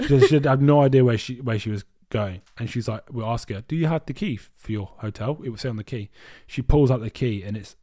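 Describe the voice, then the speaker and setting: A man tells stories on a casual podcast, animated and quick to swear. His voice sits at an ordinary middle pitch for a man. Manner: swears a lot, animated storytelling. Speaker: podcast co-host. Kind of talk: casual storytelling chat.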